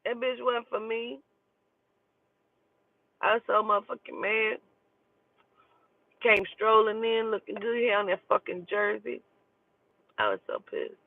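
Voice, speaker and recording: A woman telling a personal story in a casual, profane and animated way. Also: medium pitch, creaky, no echo. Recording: tinny phone-like dry recording.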